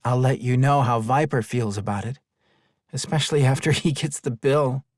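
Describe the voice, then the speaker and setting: A man's voice: medium pitch, moderate pace, darkish tone, no echo, clean studio sound, voice pushed up, natural voice. A man voicing a cheerful woman friend who talks with a grin. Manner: cheerful, grinning.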